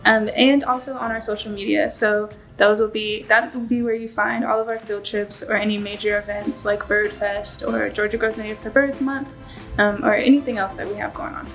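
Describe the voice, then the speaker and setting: A woman's voice: mid-range voice, little pitch movement, moderate pace, fairly bright tone, faint music behind, rough recording. A woman presenting for a conservation group, explaining steadily with frequent fillers. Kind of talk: informational presentation.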